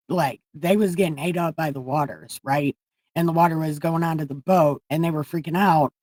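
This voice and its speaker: A woman's voice: low-pitched, darkish tone, no room sound. Profane rambling woman livestreamer. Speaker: livestream host. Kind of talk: irreverent casual Bible retelling. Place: room at home.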